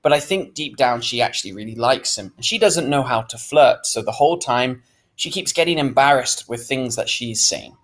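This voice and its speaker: A man reading a novel aloud, breaking in now and then with chatty asides. His pitch moves in a lively, animated way through the narration. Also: moderate pace. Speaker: reader.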